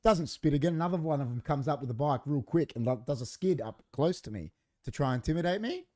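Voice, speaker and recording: Speaking quickly in a fairly high pitch, this man co-hosts a podcast and spins a story during relaxed studio banter. He's lively and voices the quoted dialogue himself.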